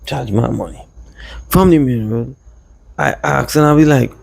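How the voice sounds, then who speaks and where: A man from Trinidad with a Trinidadian accent, casually telling a rambling personal story in lively dialect. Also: mid-range voice, unhurried, vocal fry, dry recording. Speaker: vlogger.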